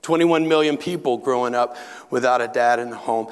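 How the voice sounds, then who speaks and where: A middle-aged man preaching a sermon, telling personal stories in an animated way and dropping into hushed tones at emotional moments. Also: mid-range voice, brisk, clear, resonant tone. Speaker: pastor. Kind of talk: sermon with acted anecdotes. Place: large hall at a retreat center. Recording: long hall reverb.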